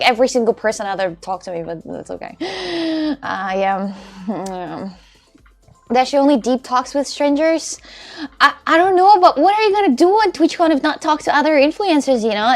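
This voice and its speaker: A woman livestreaming in casual chat, rambling as she reads her chat aloud and thanks her viewers. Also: gravelly. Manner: animated when retelling a story, with high exclamations.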